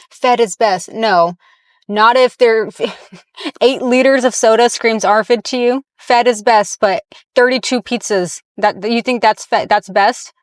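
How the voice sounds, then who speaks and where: A woman's voice: on the high side, no room sound, studio quality. A woman giving blunt, heated reaction commentary on fitness and diet, talking from inside a car.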